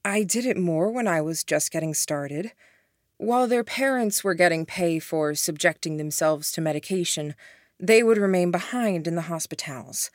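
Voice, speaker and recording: A pleading storybook witch with a low, earnest voice, as a woman reads her. She speaks with sincerity and keeps her tone close and dry, with no room sound. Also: animated, normal speed, no echo, lightly acted. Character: remorseful middle-aged woman, a witch, pleading.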